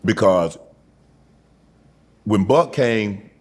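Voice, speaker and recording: A middle-aged man hosting a casual interview, relaxed and measured, with many short affirming interjections. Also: fairly low pitch. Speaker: host.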